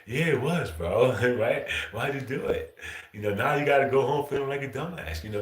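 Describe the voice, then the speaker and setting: A man talking loosely on his own livestream, peppering almost every line with "bro" and casual profanity. His voice sits at a mid pitch and breaks into frequent chuckles. The sound carries a noticeable room echo. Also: a little fast. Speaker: livestream host.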